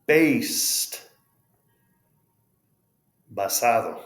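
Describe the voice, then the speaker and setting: Man, American accent, English pronunciation teacher, unhurried, spells out letters, echoey room. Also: mid-range voice, very animated. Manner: slow, patient, spells out letters and models words. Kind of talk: pronunciation lesson. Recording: roomy echo.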